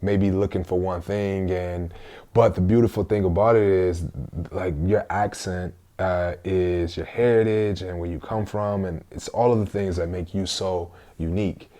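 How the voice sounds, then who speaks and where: Actor guest from Florida, very low voice, earnest reflective talk. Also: male voice, steady tone, normal speed, mellow. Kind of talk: casual interview chat.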